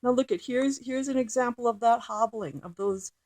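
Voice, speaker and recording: A woman's voice: fairly high pitch, darkish tone, no echo. A woman teaching poetry, reading a poem aloud and then explaining its meter with frequent fillers and restarts. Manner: slow, halting, with many fillers and restarts. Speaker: literature teacher. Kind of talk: recorded lecture with poem reading.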